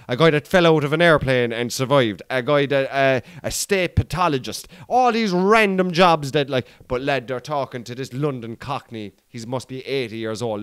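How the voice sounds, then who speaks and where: An Irish man co-hosting a podcast, bantering casually in animated, slangy talk and slipping into impressions. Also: mid-range voice, smooth, no room sound, studio quality. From Ireland. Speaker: podcast co-host. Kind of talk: casual chat.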